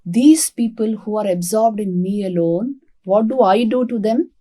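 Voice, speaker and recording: A woman, a monastic teacher giving a spiritual talk and calmly telling a devotional story. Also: medium pitch, unhurried. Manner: calm, expressive storytelling.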